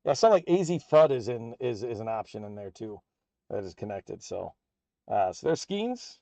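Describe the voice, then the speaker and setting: A man hosting a live card break, calling out player names and teams as packs are opened in a steady, upbeat patter. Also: lowish voice, normal speed, vocal fry, no echo. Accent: American.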